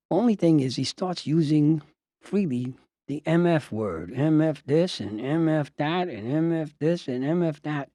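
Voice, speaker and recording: An older man, a retired judge, tells wry, animated anecdotes and acts out the people he quotes. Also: medium pitch, no echo, clean studio sound. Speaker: retired judge and lawyer telling stories. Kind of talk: anecdotal storytelling.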